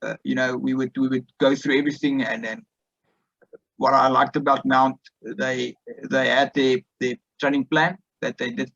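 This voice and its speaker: A man's voice: medium pitch, fairly even intonation, moderate pace, gravelly, fairly bright tone, dry recording, lo-fi sound. A young man in his twenties from South Africa, with a South African accent, speaking casually in an interview with many fillers and restarts. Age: 20s. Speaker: guest, student rugby player.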